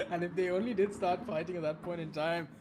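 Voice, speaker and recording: A man's voice: sits high, unhurried, noisy background. Chatty male race commentator. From India. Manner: chatty, many restarts, laughs easily.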